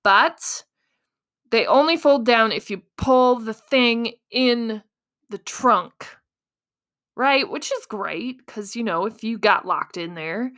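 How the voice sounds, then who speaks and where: Animated woman telling a story. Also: on the high side, takes it slowly. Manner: animated, self-mocking, acts out her own panicked inner voice. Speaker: podcast host. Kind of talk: casual storytelling.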